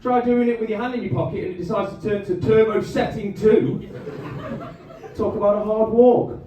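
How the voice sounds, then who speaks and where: High and mellow, with fairly even intonation, a male comic runs his set before a live club crowd. He speaks into a handheld stage mic and fills the gaps between jokes with chatty crowd work and quick asides. The recording sounds distant, echoey and noisy.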